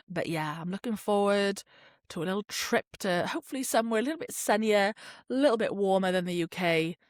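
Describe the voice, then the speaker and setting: A woman rambles through a solo podcast, chatty and sweary, dropping fillers as she goes while she fights off a cold. Her voice sits mid-pitch, recorded close and dry with no room sound. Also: brisk, dry recording. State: has a cold. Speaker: podcast host. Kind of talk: casual solo podcast chat.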